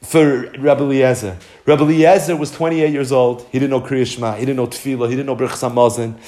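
A man teaching as a rabbi, telling a Torah story with mounting passion and many Hebrew terms, his voice climbing high at the peaks. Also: fast. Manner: builds to excited high-pitched emphasis, peppered with Hebrew terms. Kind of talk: impassioned Torah storytelling lesson.

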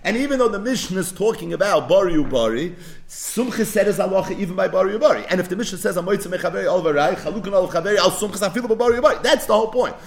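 Animated fast-talking man teaching Talmud. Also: high-pitched, creaky. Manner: animated, rhetorical questions, mixes Yiddish and Hebrew terms. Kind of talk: daf yomi Talmud lecture.

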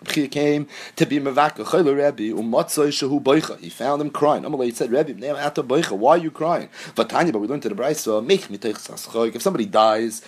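A man's voice: mid-range voice, fairly quick, breathy edge. A man teaching a Talmud lesson, reading the Aramaic text and explaining it in English with Yeshivish Hebrew terms.

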